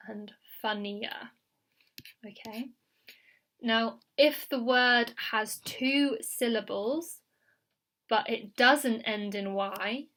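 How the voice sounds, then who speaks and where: A woman teaching an English grammar lesson, patient and clear, repeating key words and checking in with the learner. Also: fairly high pitch, fairly bright tone. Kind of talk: slow recorded grammar lesson.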